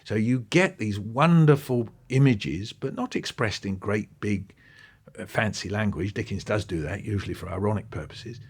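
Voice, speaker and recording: A man, an interview guest talking with lively enthusiasm and acting out bits of what he describes. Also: on the low side, moderate pace, breathy edge. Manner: animated, quoting and acting out passages. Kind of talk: podcast interview.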